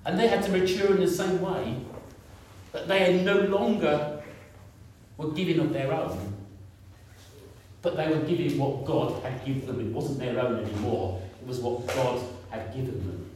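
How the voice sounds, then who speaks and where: A man's voice: on the high side, normal speed, darkish tone. 50s guy preaching, chatty and repetitive, faint background noise, sounds far off. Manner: conversational, repeats himself, asks the congregation questions. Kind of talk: sermon. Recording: echoey room, picked up from a distance.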